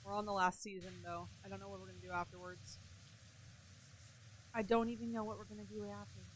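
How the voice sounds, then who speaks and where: A woman's voice: mid-range voice, little pitch movement, a little fast, slight background noise. A young woman streaming a game and chatting casually, talking freely, swearing, and answering her chat. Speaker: gaming streamer.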